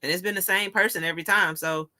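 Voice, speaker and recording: A woman hosting a casual chat, telling stories in an animated way, laughing often and swearing casually. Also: lowish voice, quick pace. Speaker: show host.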